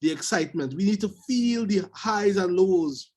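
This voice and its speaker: A man's voice: high-pitched, lively intonation, normal speed, a little mellow. A man on a video call giving emphatic coaching feedback on a speech, repeating his points. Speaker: speech evaluator.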